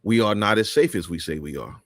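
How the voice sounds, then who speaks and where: A man's voice: on the low side, expressive, a little fast, a bit bright, dry recording, clean studio sound. A man hosting a live talk show, speaking in an emphatic, preachy way with many restarts.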